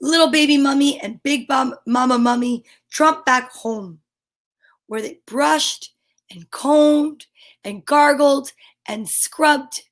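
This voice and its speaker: Storyteller: woman, high voice, slow expressive picture-book reading with gasps and whispered sound effects. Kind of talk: reading picture books aloud on a live stream.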